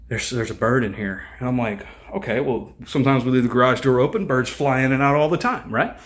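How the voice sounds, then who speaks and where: A man in his thirties, a family vlogger, telling a long story in a rambling, animated way with lots of fillers. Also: mid-range voice, a little fast. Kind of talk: casual storytelling vlog.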